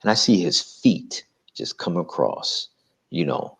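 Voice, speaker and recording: A man recounting a personal story as an interview guest, animated and acting out quotes. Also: sits low, slow, vocal fry.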